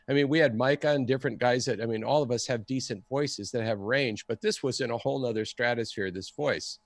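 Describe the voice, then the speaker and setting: An excitable man recounts a story in casual conversation. He talks at an ordinary middle pitch and slips into the voices of the people he quotes. The sound is dry and close, with no room echo. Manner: animated, acts out the people he quotes. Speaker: guest storyteller.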